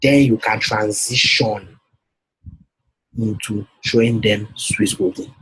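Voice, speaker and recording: A man's voice: on the low side, fairly even intonation, slow, a bit bright, slightly rough, no room sound, rough recording. A man coaching a client on a call, persuasive and often checking that she follows. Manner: persuasive, repeats himself, checks for understanding. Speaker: business coach.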